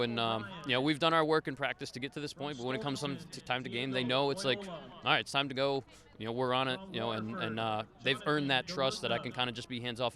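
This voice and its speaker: A man coaching high school soccer, giving a post-game interview outdoors with a voice he is losing, talking in a rambling way with many fillers. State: losing his voice.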